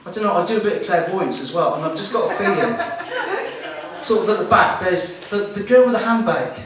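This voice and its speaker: A man's voice: sits high, lively intonation, brisk. A man compering a comedy night, telling a story and teasing the crowd with casual swearing. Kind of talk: stand-up storytelling to a live audience. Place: comedy club room. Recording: very echoey room, far-off mic, noisy.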